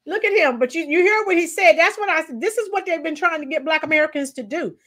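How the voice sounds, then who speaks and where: A woman's voice: extremely high pitch, animated, fast, fairly bright tone. A woman hosting a live-stream commentary, mocking the clips she plays and chatting with her viewers in a sarcastic, casual way.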